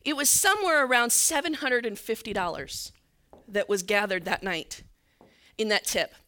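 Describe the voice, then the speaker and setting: High, bright-voiced woman preaching. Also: normal speed. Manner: earnest, drops to a soft near-whisper at tender moments. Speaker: church leader. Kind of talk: sermon storytelling.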